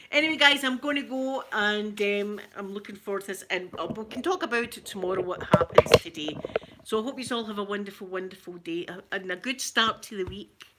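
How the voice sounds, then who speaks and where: Bright-voiced chatty Scottish woman. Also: medium pitch. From Scotland. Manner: chatty, coos softly in baby talk to her pet. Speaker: ASMR channel host. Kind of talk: casual chat to viewers.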